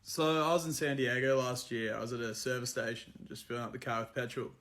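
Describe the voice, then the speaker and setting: A man's voice: medium pitch, fairly even intonation, fast talker, fairly bright tone. Australian man, dry and bemused storyteller. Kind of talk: casual storytelling.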